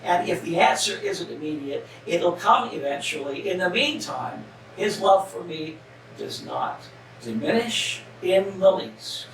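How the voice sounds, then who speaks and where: A man's voice: high-pitched, big pitch swings, measured pace, a bit bright. A Canadian man delivering a spoken devotional in an earnest, emphatic way, leaning on repeated phrases. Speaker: devotional speaker. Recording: echoey room, distant mic, faint noise.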